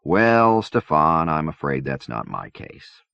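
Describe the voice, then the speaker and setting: Guy doing a fed-up agent, dry and dismissive, gravelly deep voice, lo-fi tape. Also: very animated, slow pace, a bit bright, no room sound, full character voice. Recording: dull dry cassette-era recording.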